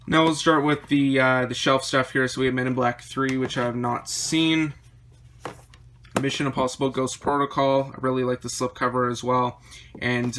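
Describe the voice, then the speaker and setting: A man vlogging about his movie collection, rambling through titles with quick opinions, his voice a little worn. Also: medium pitch, fairly bright tone, slight background noise. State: slightly losing his voice. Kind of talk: casual chat showing a collection.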